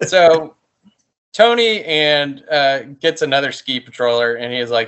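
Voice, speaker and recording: A man's voice: mid-range voice, unhurried, fairly bright tone, smooth. A man casually recapping a movie with a co-host, laughing often and swearing freely. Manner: laughs often, swears, retells scenes in acted quotes. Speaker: podcast co-host.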